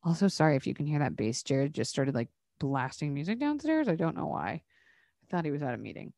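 A woman's voice: low voice, big pitch swings, fairly quick, creaky, dark tone, no echo. Chatty, sweary woman podcast host, dry sound. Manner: chatty, bubbly, swears casually. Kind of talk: casual solo podcast chat with ad reads.

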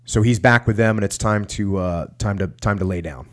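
A man's voice: lowish voice, moderate pace, hardly any pauses. A man hosting a talk show, reading a book aloud and breaking off into casual commentary with frequent restarts. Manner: conversational, frequent restarts and asides. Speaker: podcast host reading a war memoir.

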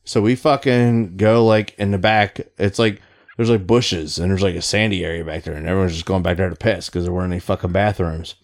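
A man's voice: low voice, steady tone, brisk. A middle-aged man, a Navy veteran, telling rambling stories in casual chat, swearing freely and laughing along.

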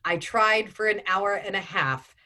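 A woman's voice: medium pitch, measured pace, sharp tone. A woman in her forties, an audiobook narrator and voice actor, talking in a chatty interview with frequent ums and restarts. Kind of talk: casual interview chat.

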